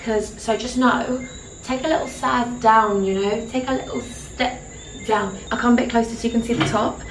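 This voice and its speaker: A young British woman chats through her holiday outfits in a bubbly, gushing way. Her voice sits slightly high, and she is a little away from the camera in a roomy, echoing space. Faint crickets chirp in the background. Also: fairly even intonation, moderate pace, distant mic, background noise. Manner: bubbly, chatty, keeps saying cute. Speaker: fashion vlogger. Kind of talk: casual outfit vlog. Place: holiday room with insects outside. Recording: echoey room, slightly off-mic.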